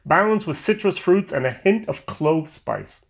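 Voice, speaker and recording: A man hosting a casual whiskey review vlog, rambling and pausing often with "um" and restarts. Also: on the high side, lively intonation, creaky, noisy background. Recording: slightly dull lo-fi audio.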